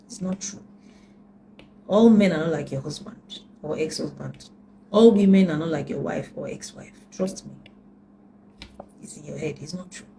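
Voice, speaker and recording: A woman's voice: low voice, measured pace, vocal fry, pauses often, noisy background. A middle-aged woman relationship coach giving earnest personal advice, repeating points with preacherly emphasis.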